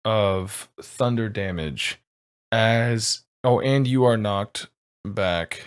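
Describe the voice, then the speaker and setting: A man's voice: fairly low pitch, drawn-out words, smooth. A man running a tabletop game as game master, narrating casually with lots of fillers and rambling asides.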